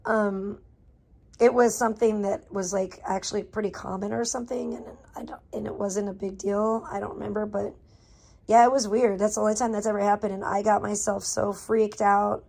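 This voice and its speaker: A woman's voice: mid-range voice, level tone, moderate pace, vocal fry, darkish tone. A middle-aged woman live streamer in casual chat, talking candidly and emotionally to her viewers and swearing freely.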